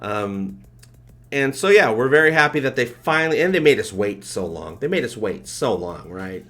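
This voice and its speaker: A man hosting a live stream, chatting casually and excitedly, rambling and thanking his viewers. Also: lowish voice, moderate pace. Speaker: livestream host.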